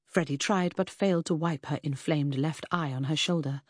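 A woman narrating a period mystery audiobook in an expressive storytelling manner. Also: deep voice, normal speed, hardly any pauses, slightly rough, no room sound, clean studio sound. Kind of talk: scripted narration.

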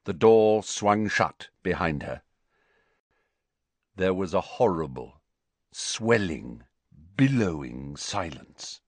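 A male audiobook narrator with a somewhat low voice, reading in an expressive, measured way. His delivery is slow and his pitch is very lively. The sound is close and dry, with no room echo. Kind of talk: scripted narration.

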